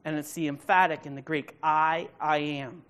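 This Bible teacher, a woman, keeps a steady tone and moderate pace as she leads an evening study, speaking emphatically and checking in with questions. Reading scripture, she grows loud and forceful.

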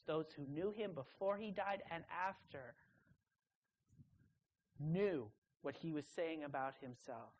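A young adult woman preaching a sermon to students, leaning hard on key words with drawn-out pauses. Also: low voice, a little hiss or hum, poor audio.

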